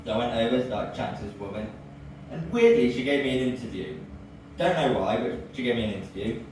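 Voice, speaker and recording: An English man tells stand-up stories with a lively, swooping delivery. He is heard from a distance in a very echoey club, with noticeable background noise throughout. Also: medium pitch, fast talker. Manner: lively storytelling, bursts into loud cries. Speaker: stand-up comedian. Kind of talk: stand-up set. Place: comedy club with audience. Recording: echoey room from far off, audible noise.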